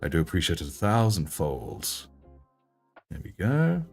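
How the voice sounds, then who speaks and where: A young British man with a deep voice, chatting in a relaxed, self-mocking way while he hosts a livestream. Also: moderate pace, vocal fry, breathy edge, soft background music. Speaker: livestream host and miniature painter. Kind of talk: casual livestream chat.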